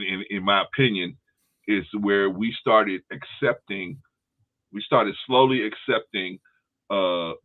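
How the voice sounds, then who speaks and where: An older man hosting a casual talk show, telling stories in an animated way, swearing freely and acting out what people say. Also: low-pitched. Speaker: host. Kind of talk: casual panel chat. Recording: tinny phone-line sound.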